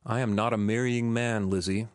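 A man reading the part of a young former sailor who speaks gently and firmly, in measured audiobook dialogue. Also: on the low side, steady tone, dry recording, clean studio sound, lightly acted. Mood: gentle.

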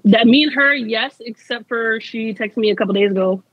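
A woman's voice: fairly high pitch, brisk, no room sound, lo-fi sound. A young adult woman, a guest in a casual interview, telling a story in a chatty way, laughing often and saying "like" a lot.

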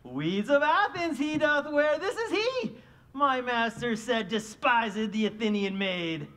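A woman's voice: on the high side, very animated, slow, fairly bright tone, exaggerated voice. A woman playing the mischievous sprite Puck in a live stage Shakespeare performance, giggling through her playful, theatrical lines. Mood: impish.

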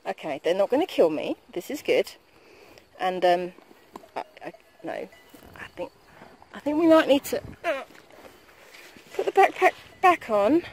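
A woman talking through a hiking vlog into a handheld phone camera on a mountain trail. She is chatty and excitable and swears freely. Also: high-pitched, slow, pauses often, low-quality recording. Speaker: vlogger.

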